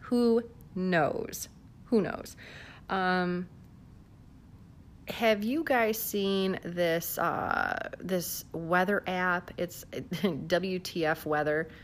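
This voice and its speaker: A woman's voice: on the low side, steady tone, very slow, a little hiss or hum. A woman from the southern United States chatting casually into her phone at home, laughing often and using lots of fillers. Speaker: vlogger. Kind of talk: casual chat to camera. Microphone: phone held in hand.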